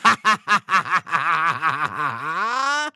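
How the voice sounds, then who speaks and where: A gravelly cackling cartoon villain. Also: male voice, fairly high pitch, big pitch swings, extremely slow, sharp tone, dry recording, studio quality, exaggerated voice. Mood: gloating. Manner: sneering, theatrical cackle. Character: cackling cartoon villain, male, sore loser.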